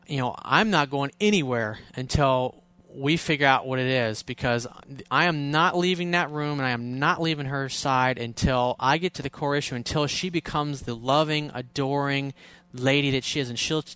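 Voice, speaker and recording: A man's voice: medium pitch, bright, forceful tone, clean tone, dry recording. A man coaching on relationships in an emphatic, repetitive way, acting out scenes. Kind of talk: advice monologue.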